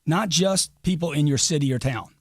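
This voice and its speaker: A man's voice: on the high side, normal speed. A middle-aged man speaking as an interview guest, giving brash, emphatic, crude motivational talk. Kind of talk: podcast interview.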